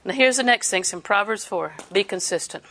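A woman's voice: mid-range voice, brisk, creaky. A woman preaching a sermon, telling stories and laughing as she exhorts. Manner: storytelling, animated, laughs while preaching.

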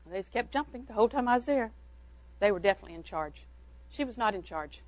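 An older woman entertains a church audience with homespun parenting anecdotes, chuckling along the way. She talks quickly in a fairly high voice, and the audio is dry and poor.

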